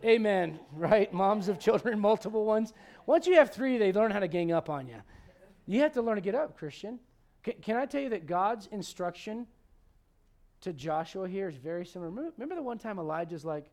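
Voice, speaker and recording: A man's voice: sits high, expressive, fast talker, vocal fry, darkish tone. A man in his forties preaching a sermon, acting out Bible characters with humor. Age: 40s. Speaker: pastor.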